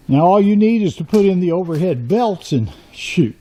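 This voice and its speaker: Middle-aged Texan vlog host, husky and slightly high, teasing salesman banter. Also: animated, normal speed, few pauses, dark tone. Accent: Texas. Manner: teasing, mock sales pitch. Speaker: woodworking channel host. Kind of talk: joking walkthrough vlog. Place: old run-down warehouse.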